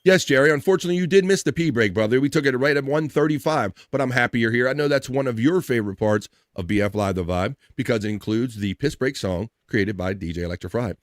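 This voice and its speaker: Talking fast with hardly any pauses, this livestream host has a mid-range voice and no echo in the recording. He runs a relaxed chat show like an upbeat old-time radio DJ, reading out viewer messages, thanking people, and shouting out the chat.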